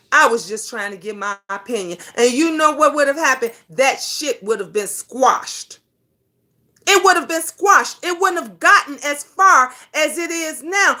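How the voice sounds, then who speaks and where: A woman's voice: very high voice, sharp tone. A middle-aged woman hosts a talk show, ranting in a profane, emphatic monologue full of rhetorical questions.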